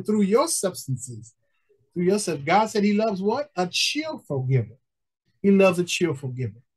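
High-voiced pleading male pastor. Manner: pleading, repeats phrases with frequent "amen" and "praise God". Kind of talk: preaching appeal for support.

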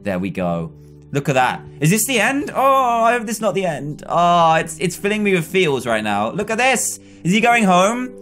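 Excitable young man with a lively voice. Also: high-pitched, normal speed, soft background music. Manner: excitable, laughing, reads game dialogue aloud. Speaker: gaming video host. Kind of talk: let's play commentary.

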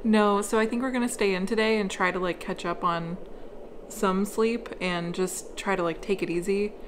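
A woman's voice: mid-range voice, fairly even intonation, normal speed. A tired woman chatting at home for a vlog, giggly and easygoing, with a mid-range voice. A faint room noise sits behind her. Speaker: vlog co-host. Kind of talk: casual home vlog chat. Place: home indoors.

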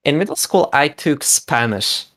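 Brief: young Polish woman, deep and unhurried, deadpan streamer chat. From Poland. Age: young adult. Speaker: streamer drawing with friends. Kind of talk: casual chat.

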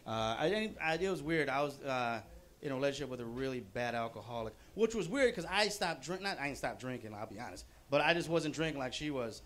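A man's voice: mid-range voice, animated, a little fast, fairly bright tone. A man doing a stand-up comedy set at a bowling-alley showcase, talking loosely with lots of fillers. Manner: loose, chatty delivery with frequent fillers.

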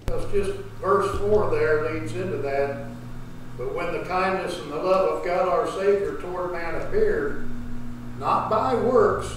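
Man, bible class member, slow deliberate reading, high voice, distant, echoey. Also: a little hiss or hum. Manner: slow, reads scripture then comments. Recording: far-off voice in echoey room.

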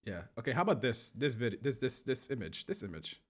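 A man's voice: mid-range voice, big pitch swings, fairly quick. Rambling, jokey male streamer. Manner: rambling, joking self-talk while playing. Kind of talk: gaming livestream.

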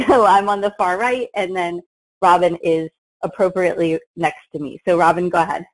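Joking woman presenter, lowish voice. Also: moderate pace, rough recording. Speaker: author and teacher. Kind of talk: webinar presentation.

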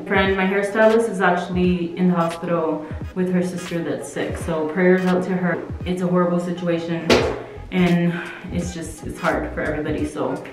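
Young female beauty vlogger, fake British accent, loose playful chatter; lowish voice, very echoey room. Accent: put-on British accent. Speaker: makeup vlogger. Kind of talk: casual makeup tutorial chat. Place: at home. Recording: very echoey room with faint music.

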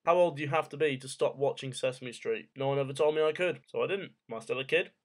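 A man's voice: mid-range voice, fast talker. Rambling young man asking odd questions. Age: 20s. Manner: jokey, rambling rhetorical questions, swears casually. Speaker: vlogger. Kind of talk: casual rambling monologue.

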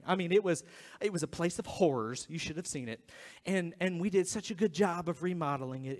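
A man delivers a sermon from the pulpit in a high, animated voice, slipping into acted-out quotes. His words ring with the long reverb of a church hall. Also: fairly quick. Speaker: pastor. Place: church sanctuary.

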